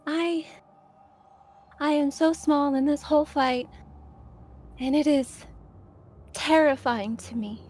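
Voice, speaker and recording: Woman player, high voice, slow, earnest and hesitant in-character delivery. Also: fairly even intonation, a little mellow. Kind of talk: in-character speech in a tabletop game.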